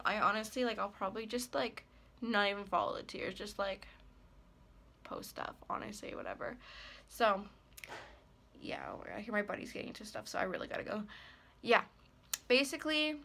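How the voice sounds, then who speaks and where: This ASMR creator, a woman in her 20s, has a mid-range voice that sounds pushed and bright. She talks in a personal vlog, rambling and hesitant, with many fillers and trailing sentences. She comes across as anxious, worried and upset.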